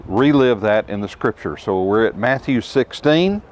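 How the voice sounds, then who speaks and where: Middle-aged guy teaching a bible lesson to a tour group outside, emphatic, asks questions then pauses. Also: fairly low pitch, expressive. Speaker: tour guide teaching scripture. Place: outdoors at ruins.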